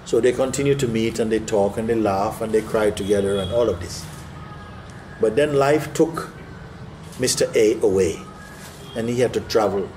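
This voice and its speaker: A man and spiritual teacher telling a parable to listeners, animated and often checking in with "no?" and "you see?". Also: fairly low pitch, normal speed, noisy background. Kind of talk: storytelling in a spiritual talk.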